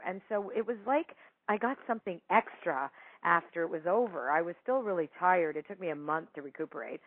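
A woman's voice: medium pitch, dry recording, phone-quality sound. Woman chatting on a thin phone-ish line, laughs a lot, acts out quotes, dry sound. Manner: chatty, laughing, animated quoting. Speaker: psychic medium guest telling a story. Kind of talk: casual storytelling interview.

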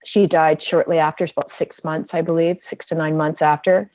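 A woman's voice: low-pitched, little pitch movement, no echo. A woman guest, a bodywork practitioner, telling a personal story in an earnest, heartfelt way. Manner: earnest, heartfelt, slow and reflective. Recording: tinny phone-like line, dry.

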